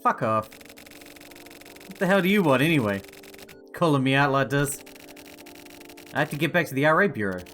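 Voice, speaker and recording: A man's voice: mid-range voice, animated, normal speed, long pauses, a bit bright, faint music behind, lightly acted. A man reading game dialogue aloud as an irritable male investigator who talks bluntly and swears. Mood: annoyed. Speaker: game reader voicing characters.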